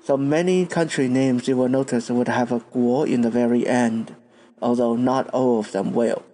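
A man's voice: medium pitch, fairly even intonation, normal speed, mellow, a little hiss or hum. A man from Taiwan, a podcast host giving a patient language lesson and spelling out words letter by letter.

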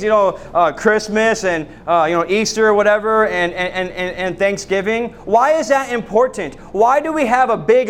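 A man's voice: high-pitched, a little hiss or hum. A man preaching a sermon as pastor, asking repeated rhetorical questions and often restarting his words.

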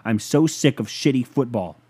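A man in a mellow voice doing a dramatic reading of a furious football fan's profane rant. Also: medium pitch, expressive, normal speed, breathy edge. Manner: ranting, profane. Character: furious bitter male football fan.

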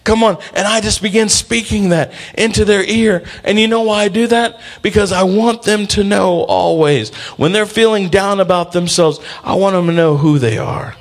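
A man's voice: high voice, moderate pace, few pauses. A man preaching a sermon in church, emphatic and calling on the congregation to respond. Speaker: pastor.

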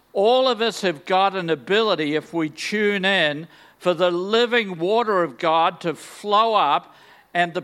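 An older man preaches a sermon in a high voice and at an unhurried, deliberate pace. He is enthusiastic and slips in joking, self-deprecating asides as he speaks to a large church. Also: fairly bright tone. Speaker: guest preacher.

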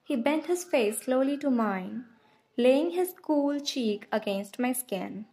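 A woman narrating an audiobook in the first person, reading in a slow, hushed, intimate way. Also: high voice, animated.

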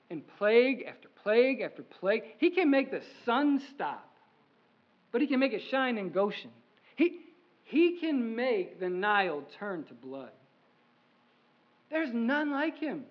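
A pastor voicing an earnest older Moses. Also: male voice, extremely high pitch, sing-song, measured pace, full character voice. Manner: earnest first-person retelling. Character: Moses, older man telling of hard journeys. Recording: slightly muffled sermon audio.

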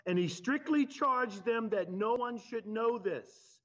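A man preaching a sermon in an animated, conversational way. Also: extremely high pitch, slow pace. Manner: animated, conversational preaching with laughs and acted-out quotes. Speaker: pastor. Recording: dull lo-fi sound.

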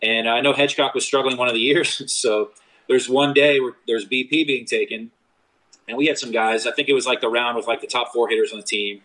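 A young man tells stories from his college baseball days in a loose, casual chat. His voice sits at an ordinary middle pitch. He jumps up sharply in pitch whenever he acts out what someone said. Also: brisk, rough recording. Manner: animated storyteller, acts out quotes with big pitch jumps. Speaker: former college baseball catcher telling stories.

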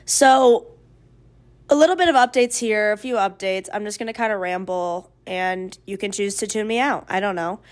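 A woman's voice: mid-range voice, moderate pace. A woman in her twenties hosting a casual solo podcast, rambling freely with plenty of swearing and playfully sing-song, oddly stressed words. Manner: chatty and rambling, with frequent swearing. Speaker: podcast host.

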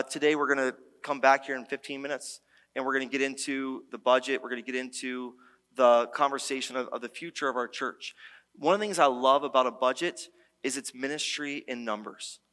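Pastor preaching in a reverberant church. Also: male voice, mid-range voice, brisk. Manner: conversational, animated storytelling with many restarts. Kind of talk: sermon. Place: church sanctuary. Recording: long church-hall reverb.

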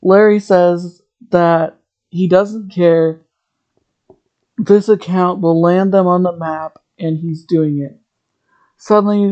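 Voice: mid-range voice, dark tone, muffled recording. A podcast host recapping a TV episode in a chatty, rambling way, drifting into tangents.

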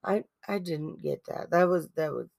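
A woman's voice: low voice, normal speed, creaky, a little mellow. A woman co-hosting a podcast, chatting about a movie in a wry, laid-back way with casual swearing. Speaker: podcast co-host. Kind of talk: casual movie-review chat.

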